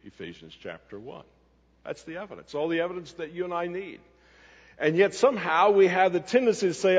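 A man's voice: on the high side, slightly rough, big-room sound, muffled recording. A man preaching a sermon, emphatic, asking questions and answering them himself. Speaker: pastor.

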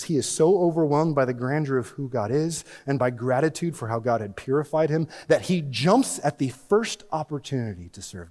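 A man preaching a sermon as pastor, swinging between loud emphatic lines and hushed ones. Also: medium pitch. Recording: long reverb of a large hall.

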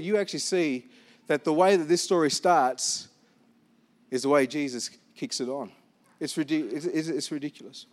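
A male pastor preaching a sermon to his church, animated and self-deprecating as he tells stories about himself. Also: high-pitched.

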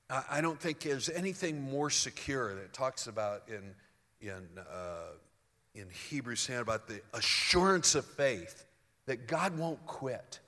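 Older male pastor preaching in a reverberant hall. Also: mid-range voice. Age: 60s. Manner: conversational, restarts and fillers, swings from soft to emphatic. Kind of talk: sermon.

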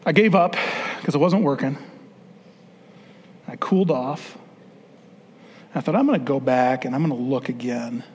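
A man's voice: mid-range voice, moderate pace, pauses often, darkish tone, husky. A man giving an earnest, conversational talk to fathers, sermon style, with frequent restarts. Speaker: speaker addressing fathers. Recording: long hall reverb.

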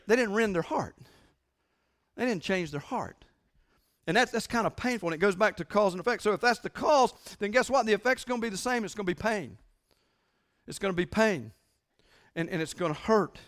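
This man, a pastor with a high voice, delivers a sermon emphatically and repetitively. He moves back and forth between loud proclamations and quiet lines.

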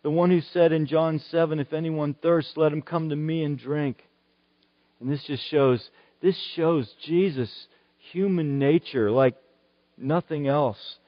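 A man's voice: a little high, a little slow, dry recording. Earnest male preacher, muffled recording. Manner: earnest, rising to emphatic declarations. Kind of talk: sermon.

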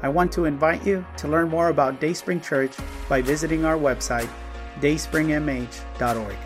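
A man who is a pastor, giving a calm, welcoming podcast introduction. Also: on the high side, normal speed. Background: faint music.

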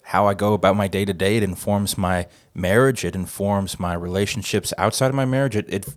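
A man's voice: fairly low pitch, fairly even intonation, brisk, no room sound. Chatty man hosting a church podcast. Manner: chatty, rambling, jokes at himself. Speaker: podcast host. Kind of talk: casual church podcast chat. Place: church office studio.

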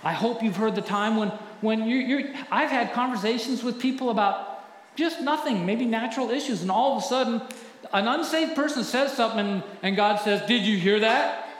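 A middle-aged male pastor preaching a sermon earnestly, often dropping to a hushed voice when telling stories. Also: very high-pitched, a little fast, slight background noise. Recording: echoey hall with faint ambience.

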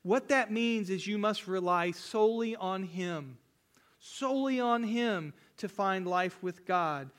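A man's voice: sits high, a little slow, fairly bright tone. A man preaching a sermon as a pastor, earnest and repetitive, building emphasis on key phrases.

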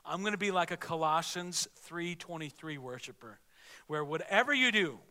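A man's voice: on the high side, expressive, normal speed, pushed and bright, long reverb tail. A man preaching a sermon as pastor, earnest and conversational, often restarting his sentences.

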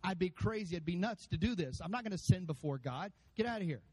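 A man preaching a sermon to his church, animated, acting out voices and calling out to the congregation. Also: high voice, fast, husky, rough recording. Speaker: pastor. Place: church sanctuary.

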